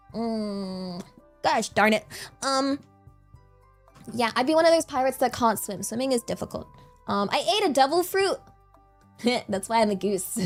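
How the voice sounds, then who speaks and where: A young woman streaming and chatting casually, rambling and giggly, often repeating herself. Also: on the high side. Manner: giggly, rambling, repeats words, easily excited. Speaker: vtuber streamer.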